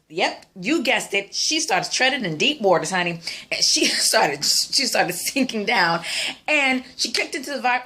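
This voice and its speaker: A woman in her thirties speaks in a mid-range voice, talking straight to her viewers. She tells a story in a chatty, animated way, then turns it into an earnest, preachy pep talk. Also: medium pitch. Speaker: vlogger. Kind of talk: motivational storytelling vlog.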